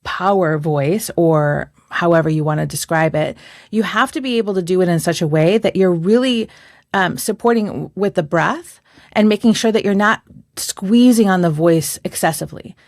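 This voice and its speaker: Woman voice coach, low and dry. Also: moderate pace, no room sound. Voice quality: trained singer's voice with good projection. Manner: thoughtful, hedges her words. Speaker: voice performance coach and podcast co-host. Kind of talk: casual chat.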